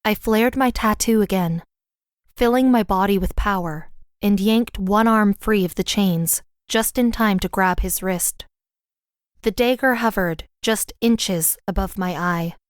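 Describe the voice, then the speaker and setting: A woman narrating a fantasy audiobook in the first person, with a smooth, clear reading voice. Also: mid-range voice, measured pace, no room sound, studio quality.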